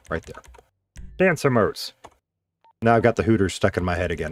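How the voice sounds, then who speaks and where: A man's voice: on the low side, big pitch swings, fairly quick, slight background noise. A man streaming a game, chatting casually and thinking aloud in a rambling, self-deprecating way. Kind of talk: casual live-stream chat while playing.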